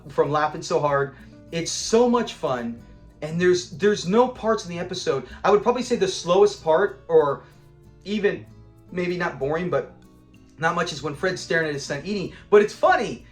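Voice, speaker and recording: A middle-aged man reviewing a classic sitcom episode in a loose, animated way. His voice sits high for a man, and he laughs easily while acting out lines. Faint music runs underneath. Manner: animated, laughs often, acts out quotes. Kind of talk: casual commentary.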